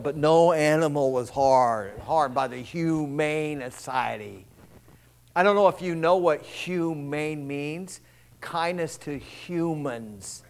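A male pastor preaching a rambling, folksy sermon with call-and-response asides to his congregation. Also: a little high.

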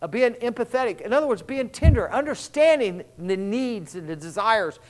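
A man's voice: high voice, big pitch swings, moderate pace. A male pastor preaching a rambling, folksy sermon with call-and-response asides to his congregation.

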